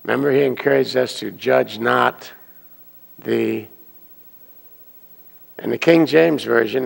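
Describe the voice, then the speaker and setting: A man giving a Sunday sermon as a minister, telling stories and acting out the characters' excited voices. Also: medium pitch, slow pace, vocal fry, long pauses. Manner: animated storyteller, acting out excited quoted voices. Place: church hall. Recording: long hall reverb.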